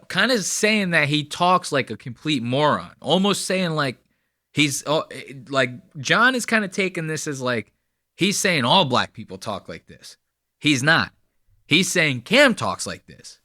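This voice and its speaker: Dude podcasting, bright voice, dry close mic, swears a lot and rambles. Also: male voice, fairly high pitch, no room sound. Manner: profane, rambling, filler-heavy. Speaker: podcast host. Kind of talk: casual commentary on clips.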